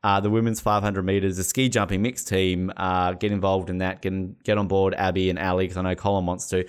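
A man's voice: brisk, clear, resonant tone. A man hosting a casual sports chat, rambling and joking with frequent laughs. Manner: rambling, jokey, laughs often, lively pitch. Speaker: podcast host.

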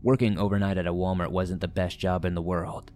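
Low-voiced man narrating horror. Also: flat delivery, brisk, a little mellow, faint music behind. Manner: dramatic, suspenseful storytelling.

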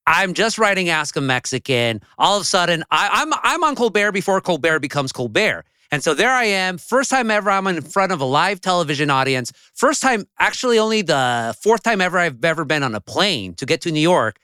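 A man's voice: high-pitched, sing-song, fairly quick, few pauses, sharp tone, smooth, dry recording, studio quality. A man appearing as a guest journalist, chatting animatedly, laughing often and telling stories. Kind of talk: casual chat.

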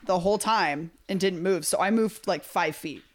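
A woman co-hosting a casual chat, telling a funny travel story with animated energy and frequent laughs. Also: lowish voice, moderate pace.

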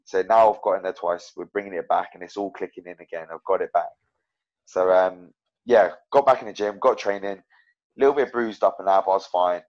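A man's voice: low-pitched, a little fast, a little mellow, muffled recording. A man talking as an MMA fighter guest, rambling and frank about his own fights. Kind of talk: casual interview chat.

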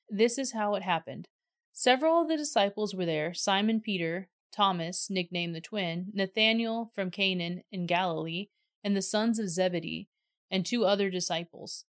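Woman reader, measured scripted narration, dry close recording, mid pitch. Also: no echo.

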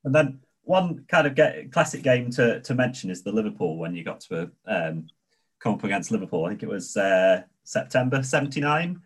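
A man's voice: on the low side, very animated, normal speed, husky. A man in his thirties hosting an interview, asking questions hesitantly with many fillers. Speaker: interviewer, host.

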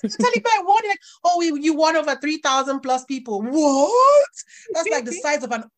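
A woman author in her thirties tells a story on a podcast. Her voice sits fairly high, and she laughs often. She acts out each voice in the story with lots of energy. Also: fast. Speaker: author guest.

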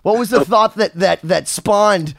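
Animated swearing male podcast host. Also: high voice, measured pace, vocal fry, no echo, studio quality. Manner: animated storyteller, swears freely, jokey tangents. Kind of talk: casual chat.

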